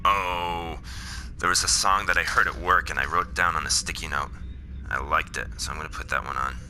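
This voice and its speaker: A man's voice: very deep voice, steady tone, fairly quick, sharp tone, a little hiss or hum. A man giving heated, profane commentary straight to his viewers while playing a game. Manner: heated, swears, talks to the audience directly. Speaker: political commentator. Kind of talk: ranting commentary while gaming.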